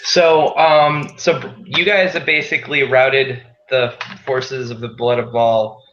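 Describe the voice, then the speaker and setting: A man narrating a tabletop game as game master, slow and hesitant with fillers. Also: mid-range voice, fairly even intonation, a bit bright, slight background noise. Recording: dull echoey room.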